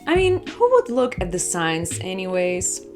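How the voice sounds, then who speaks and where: A woman's voice: fairly low pitch, very animated, unhurried, faint music behind. A woman vlogger talking casually to her viewers, chatty and storytelling, acting out other people's lines. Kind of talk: casual travel vlog talk.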